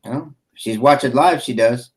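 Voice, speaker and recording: A man's voice: mid-range voice, a little slow. A man co-hosting a casual group stream, teasing and ribbing the others. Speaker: podcast co-host.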